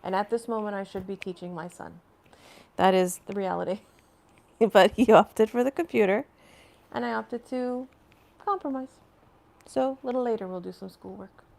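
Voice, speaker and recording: A woman chats loosely on a home live stream, wandering from thought to thought as she replies to viewer comments. Her voice has a gravelly edge and sits at a middle pitch. She laughs often between her phrases. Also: moderate pace, darkish tone. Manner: rambling, chatty, answering viewer comments. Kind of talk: casual live stream chat.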